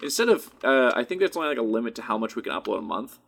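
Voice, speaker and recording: Co-hosting a laid-back podcast, a young adult man spins animated stories, swearing freely and acting out what people said. His medium-pitched voice is gravelly and rapid-fire, with slight background noise behind it.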